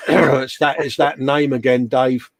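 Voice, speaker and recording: A middle-aged English man chatting on a live stream, all jokes and friendly slang, calling his co-host mate. The sound is close and dry, with no room at all. His pitch sits in an ordinary middle range. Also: steady tone, takes it slowly, no room sound. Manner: chatty and jokey, calls everyone mate. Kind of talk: casual chat on a live stream.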